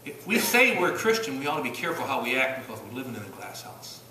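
Animated Southern preacher in an echoey church. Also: male voice, medium pitch, quick pace, a little hiss or hum. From Virginia. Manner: emphatic, rising and falling, rhetorical questions to the congregation. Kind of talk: sermon. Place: church sanctuary. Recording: roomy church recording from some distance.

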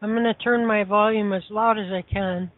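A woman's voice: mid-range voice, fairly even intonation, moderate pace, dry recording. A woman chatting casually, rambling with lots of fillers and restarts. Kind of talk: casual chat. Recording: tinny phone line.

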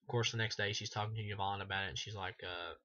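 Casting: low, bright-edged male reviewer, loose and rambling, cursing a lot, dull lo-fi mic. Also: steady tone, quick pace. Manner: rambling, heavy filler words, frequent swearing. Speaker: film reviewer. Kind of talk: casual profane film review monologue.

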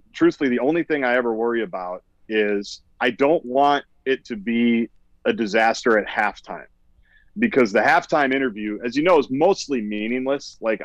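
A man's voice: mid-range voice, no room sound, highs cut off. A man in his forties, a sports radio host appearing as a guest, chatting casually and rambling with lots of "like". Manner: rambling, full of "like". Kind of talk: casual podcast chat.

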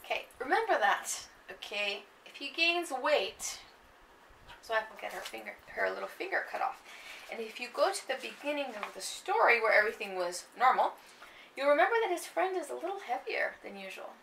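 Gravelly woman lecturing in an echoey room. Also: on the high side, big pitch swings, a little fast, fairly bright tone. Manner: conversational, with frequent "okay" and asides to the class. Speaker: literature lecturer. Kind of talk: classroom lecture, reading aloud. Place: classroom. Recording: echoey classroom from far off, faint noise.

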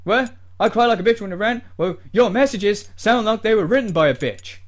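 A man's voice: high-pitched, expressive, a little fast. A man doing a parody rant as a smug, whiny male gamer YouTuber who sneers and swears at his fans. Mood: petulant.

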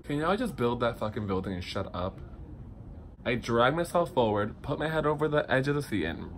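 A young man telling a personal story to his phone camera in a lively, dramatic, chatty way, swinging up high for the funny parts. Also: normal speed, a little hiss or hum. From Dominican heritage. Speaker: vlogger. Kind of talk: casual storytelling vlog.

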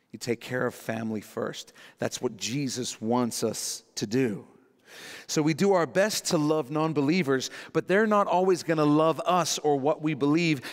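A man preaching a sermon as pastor, animated and acting out quotes in little voices. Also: medium pitch. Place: church sanctuary. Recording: long reverb of a church hall.

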